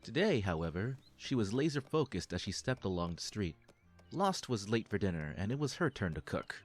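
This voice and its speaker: A man's voice: lowish voice, big pitch swings, normal speed, soft background music. A man reading scripted story narration with a wry storybook delivery.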